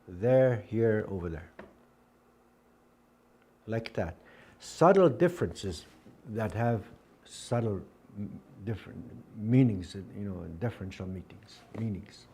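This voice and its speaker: A husky, fairly low-pitched male voice with a darkish tone leads a Dakota language class in a sing-song, somewhat slow way. Over and over, he patiently repeats words and drills contrasting pairs aloud as a spoken lesson.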